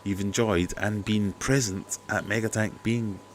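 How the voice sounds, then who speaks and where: A man's voice: lowish voice, steady tone, measured pace, a little hiss or hum. A man hosting a casual aquarium livestream, chatty and skeptical, talking over a cheap microphone at home. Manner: chatty, skeptical, jokey asides. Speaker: aquarium channel host. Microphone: cheap desk mic.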